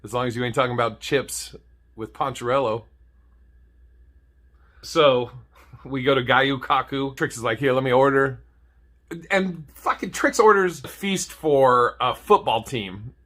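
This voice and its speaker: Bright-voiced cursing comedian. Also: male voice, medium pitch, measured pace, long pauses. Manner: profane, laughs at own jokes. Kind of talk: comedic storytelling to camera.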